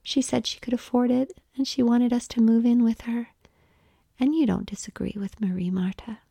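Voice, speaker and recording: A woman's voice: a little high, steady tone, normal speed, creaky, warm tone, husky, no room sound. A woman voicing a bold, playful young woman, in a blunt, teasing, whispered role-play.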